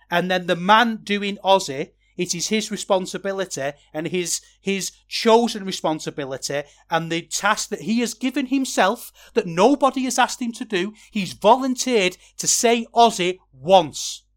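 A man, a wrestling podcaster, talking through a match review in a casual, chatty way that gets animated when he rants. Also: sits high, normal speed, few pauses.

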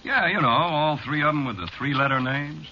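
A sly, needling bartender. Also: male voice, on the high side, normal speed, bright, forceful tone. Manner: drawling, slangy, needling. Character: teasing, sinister male bartender. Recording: dull, faintly hissy old radio recording.

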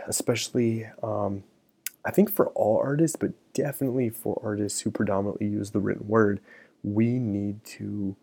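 A man's voice: on the low side, creaky, husky. A middle-aged man hosting a solo podcast, talking casually with many ums and you-knows. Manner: relaxed, many fillers like um and you know. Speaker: podcast host.

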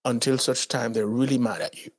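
A man's voice: mid-range voice, a little fast. A man from the Dominican Republic co-hosting a podcast, telling a story casually, acting out quotes and swearing freely. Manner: animated storyteller acting out quotes in raised voices. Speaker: podcast co-host.

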